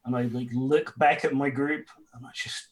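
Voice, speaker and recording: A man playing a tabletop game, slowly and hesitantly describing his character's attack. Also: mid-range voice, fairly even intonation. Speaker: player. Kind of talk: casual tabletop play.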